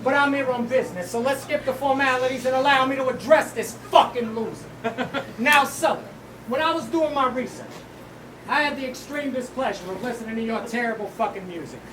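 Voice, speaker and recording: Battle rapper from Texas, man, high voice, taunting and profane, roomy hall with crowd noise. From Houston, Texas. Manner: taunting, profane, deliberate delivery. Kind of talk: rap battle verse. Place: live battle venue in front of a crowd. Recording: roomy venue, distant mic, loud crowd.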